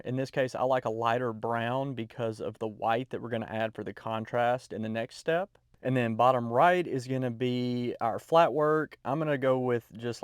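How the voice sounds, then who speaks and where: A man in his ordinary middle register walks through a drawing tutorial, relaxed and step by step, dropping the odd "uh". His voice is recorded dry and close, with no room sound at all. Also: medium pitch, smooth, no echo. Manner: relaxed, explains step by step with fillers.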